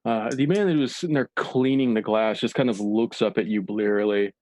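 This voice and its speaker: A man narrating as dungeon master in a tabletop game, with relaxed, descriptive storytelling and filler words. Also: lowish voice, fairly quick, no room sound.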